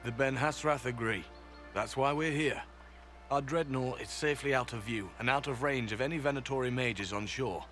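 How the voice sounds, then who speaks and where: An actor playing a calm, disciplined male soldier in a video game, speaking in a measured, matter-of-fact way. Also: mid-range voice, faint music behind, close to an everyday voice.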